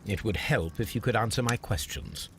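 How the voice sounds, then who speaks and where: A man's voice: fairly low pitch, normal speed, slight background noise, natural voice. An actor playing a shrewd, polite male detective in a video game, asking formal, courteous questions. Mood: composed.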